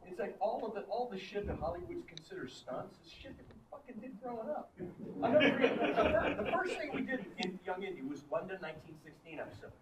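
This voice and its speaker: A Texan man with a high voice, big swings in pitch and a fast delivery laughs his way through profane anecdotes as a convention panel guest. He's picked up from a distance in a noisy hall.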